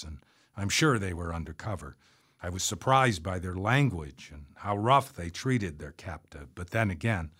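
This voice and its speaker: A man's voice: low-pitched, a bit bright. A man reading his memoir aloud in a wry, conversational storytelling way. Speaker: narrator of a memoir.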